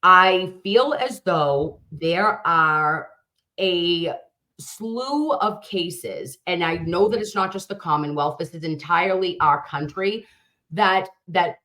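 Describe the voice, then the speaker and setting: A woman's voice: fairly low pitch, animated, takes it slowly, pushed and bright. A woman guest, a true crime content creator, talking through cases in a rambling way and often restarting her sentences. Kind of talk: conversational interview.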